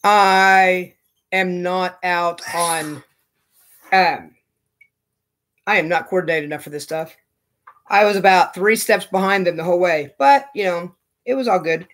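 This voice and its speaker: A man's voice: high voice, a little slow, pauses often, fairly bright tone. A man chatting casually as he opens fan mail on his knitting vlog, gushing and thinking aloud. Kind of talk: casual unboxing chat.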